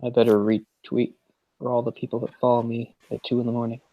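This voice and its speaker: A man's voice: mid-range voice, monotone, fast, no echo. Guy rambling thru a movie watch-along, dry dull mic sound. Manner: rambling, lots of "like" fillers, puts on mock voices when retelling scenes. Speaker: commentary host.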